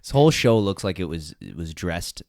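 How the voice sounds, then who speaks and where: A man's voice: sits low, sing-song, brisk, gravelly, darkish tone, dry recording, clean studio sound. A man co-hosting a casual podcast recap, sarcastic and mock-outraged as he picks the show apart. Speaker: podcast co-host.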